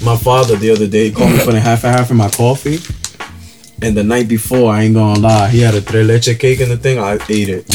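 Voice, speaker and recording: A man's voice: lowish voice, little pitch movement, fast talker, darkish tone, faint music behind. Laid-back young man telling stories. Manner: laid-back storytelling, laughs through his stories. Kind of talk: casual chat.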